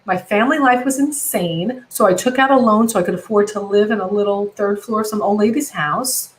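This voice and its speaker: A woman's voice: medium pitch, a little fast, poor audio. A middle-aged American woman comedian, talking passionately and rambling with many self-corrections over a video call. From United States. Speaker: comedian guest. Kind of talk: casual video-call conversation.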